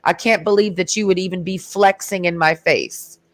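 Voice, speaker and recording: A woman's voice: on the low side, steady tone, normal speed, no echo. A woman ranting in a heated, sarcastic and profane way in a casual vlog. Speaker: vlogger. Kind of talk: casual rant.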